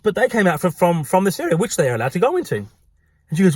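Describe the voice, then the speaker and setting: Animated, swearing Australian man. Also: on the high side, fast, no room sound. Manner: animated, profane, gossipy. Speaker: pub worker. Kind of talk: storytelling vlog.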